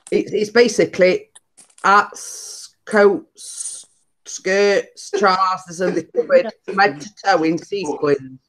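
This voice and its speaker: Give me a slow-spoken woman hosting a casual chat. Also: fairly low pitch. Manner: reads chat comments aloud, chuckling. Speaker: host of a live chat stream.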